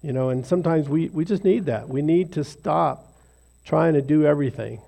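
A man's voice: fairly high pitch, moderate pace, creaky, warm tone. A man leading an informal devotional talk for a small group in a rambling, self-deprecating, conversational way. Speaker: lay speaker leading a devotional.

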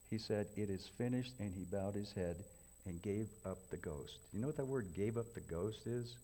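A man preaches in a folksy, repetitive way and calls his listeners folks. His voice sits low and mellow, rising to loud emphatic questions and then dropping to near whispers. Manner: dramatic swings from loud emphatic to hushed whispers. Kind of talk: sermon.

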